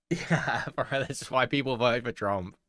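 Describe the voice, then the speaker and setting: A man's voice: mid-range voice, animated, slow pace, a bit bright, dry recording. A man reacting to a clip with mocking, crude commentary and frequent laughs. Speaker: commentary host.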